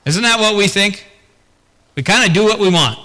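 A man's voice: high voice, animated, normal speed, pushed and bright. Earnest preaching man in a reverberant hall. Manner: earnest, with rhetorical questions to the congregation. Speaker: pastor. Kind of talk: sermon.

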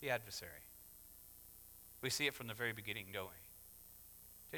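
A man preaching a sermon in an emphatic way, often rising to loud exhortation. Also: lowish voice, moderate pace, long pauses, long reverb tail. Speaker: pastor.

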